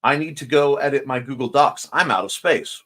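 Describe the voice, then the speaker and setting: A man's voice: mid-range voice, moderate pace, sharp tone. A man hosting a casual morning livestream, drowsy and yawning, rambling and joking as he greets viewers and reads their comments. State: sleepy, yawning. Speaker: host of a morning livestream show. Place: home room by a window.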